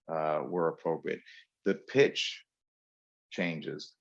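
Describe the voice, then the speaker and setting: A man from New York giving a webinar lecture on public speaking, with frequent fillers and emphatic pauses, over dull lo-fi audio. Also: extremely low pitch, vocal fry. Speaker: webinar presenter.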